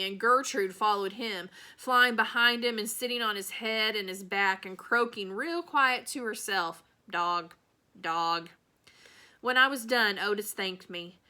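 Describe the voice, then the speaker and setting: A woman reads a children's novel aloud in a bright, clear voice. Her pace is steady and storybook-like, and she voices the characters only lightly. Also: medium pitch. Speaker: reader.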